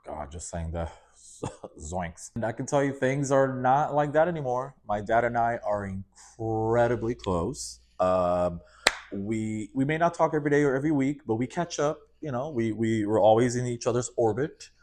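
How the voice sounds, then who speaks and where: A man in his late thirties hosting a podcast, telling a personal story in a candid, expressive way with profanity, laughter and playful asides. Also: mid-range voice, moderate pace. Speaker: podcast host.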